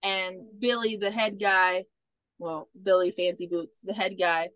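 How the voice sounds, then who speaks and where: A woman hosting a podcast, recapping a movie in a casual, animated and profane way. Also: mid-range voice, unhurried, no room sound. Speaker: podcast host.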